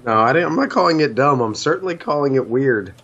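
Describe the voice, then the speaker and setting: A man's voice: mid-range voice, lively intonation, fast, a bit bright, breathy edge. A man co-hosting a podcast in casual chat, teasing his partner with dry, wry remarks. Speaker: podcast co-host. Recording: dull lo-fi mic.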